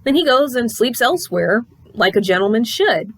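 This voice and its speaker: A woman reviewing a comic in casual chat, animated and swearing freely as she recaps the story. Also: fairly high pitch, moderate pace.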